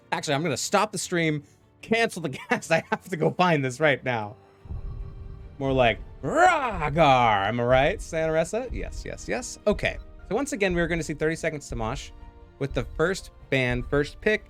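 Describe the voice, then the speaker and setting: A man's voice: fairly high pitch, very animated, moderate pace, fairly bright tone, soft background music. A man casting a live video game match, with goofy, jokey asides between calls. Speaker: esports caster.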